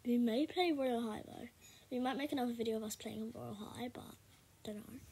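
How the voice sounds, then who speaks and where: High-pitched chatty young woman. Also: normal speed, slight background noise. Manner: chatty, rambling, with bursts of loud excitement. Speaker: gaming video creator. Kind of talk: casual gameplay commentary.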